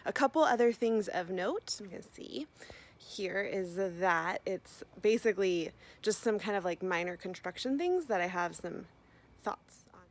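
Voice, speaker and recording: A woman's voice: medium pitch, lively intonation, measured pace. A young woman giving a chatty, upbeat vlog review of running shoes, full of fillers.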